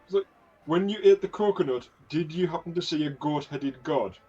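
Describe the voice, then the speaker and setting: Husky, hesitant man at the table. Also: fairly high pitch, a little mellow, highs cut off. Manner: hesitant, halting. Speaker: player. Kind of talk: casual tabletop play.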